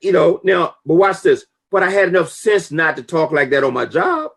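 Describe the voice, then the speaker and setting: Gravelly, husky man giving emphatic business advice. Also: fairly high pitch, moderate pace. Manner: emphatic, preachy, lively storytelling. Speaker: network marketing talk show guest. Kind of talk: casual motivational talk.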